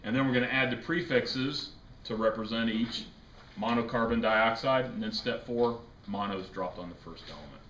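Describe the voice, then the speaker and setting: Casual male chemistry teacher, bright voice. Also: medium pitch, moderate pace. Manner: casual, jokey, quizzes the class. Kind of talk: classroom lecture. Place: classroom. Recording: echoey classroom with faint noise.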